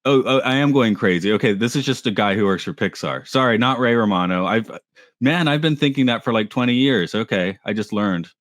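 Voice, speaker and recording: A man's voice: lowish voice, fairly quick, fairly bright tone, no room sound. A man co-hosting a podcast in casual chat, rambling, correcting himself and laughing easily. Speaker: podcast co-host.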